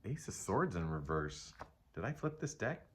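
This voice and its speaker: A man's voice: low-pitched, very animated, normal speed, fairly bright tone. A man giving a casual spiritual tarot reading, rambling and joking with himself as he talks. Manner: rambling, self-interrupting, playful asides. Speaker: tarot reader.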